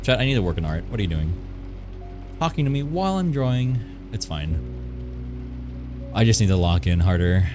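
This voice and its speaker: Low-voiced man chatting on a live stream. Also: sing-song, moderate pace, pauses often, over music. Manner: playful, rambling, chats with viewers. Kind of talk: casual live-stream chat while drawing.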